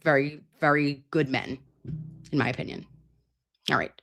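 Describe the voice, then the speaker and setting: A chatty woman in her thirties streams live through a computer mic, her low voice gravelly yet fairly bright, which she calls grating herself. She keeps a steady tone at normal speed as she rambles playfully and crudely in a casual livestream chat.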